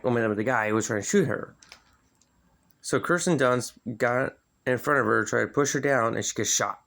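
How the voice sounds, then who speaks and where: A man casually reviewing movies in a video, rambling with lots of fillers, swearing freely and jumping up in pitch when he gets worked up. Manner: animated, sudden jumps in pitch.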